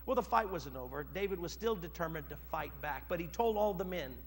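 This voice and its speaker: High-voiced preacher in an echoing hall. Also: male voice, lively intonation, a little fast, hardly any pauses. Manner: storytelling with shifts from quiet narration to loud dramatic peaks. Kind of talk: sermon. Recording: long hall reverb.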